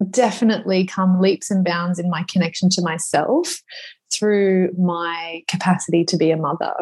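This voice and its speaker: A woman in her thirties, a podcast guest speaking slowly and reflectively, at times emotional. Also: on the low side, darkish tone. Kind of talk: conversational interview.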